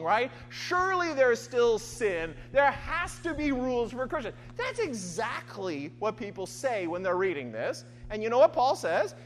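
Emphatic woman preaching in a reverberant hall. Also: sits high. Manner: emphatic, keeps asking "right?". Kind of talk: sermon. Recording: long hall reverb, faint hum.

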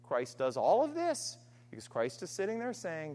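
A woman preaching a sermon, earnest and emphatic, alternating forceful stress with quiet, trailing phrases. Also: low voice, wildly swooping pitch, normal speed. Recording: long hall reverb.

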